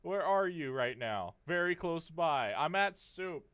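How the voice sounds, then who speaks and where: A man's voice: fairly high pitch, lively intonation, measured pace, few pauses, fairly bright tone. A goofy young man streaming a game, chatting casually and laughing often. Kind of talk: casual gameplay commentary.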